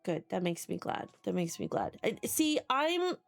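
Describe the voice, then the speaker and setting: A woman's voice: medium pitch, wildly swooping pitch, moderate pace, vocal fry. A woman streaming live who chats casually with her viewers, rambling, swearing freely and laughing often. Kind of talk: casual chat. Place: home basement.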